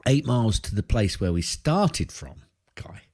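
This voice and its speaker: A low, husky-voiced Englishman co-hosts a podcast in casual chat. He rambles through his stories with a jokey manner, his pitch swinging widely from line to line. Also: sing-song, measured pace, darkish tone. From England. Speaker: podcast co-host.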